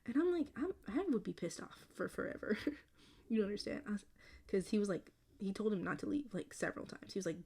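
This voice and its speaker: A young woman vlogger chatting casually and rambling, with lots of filler words, frequent laughs and occasional dips into a soft whisper. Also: mid-range voice, expressive, fast, gravelly. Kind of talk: casual chat while drawing.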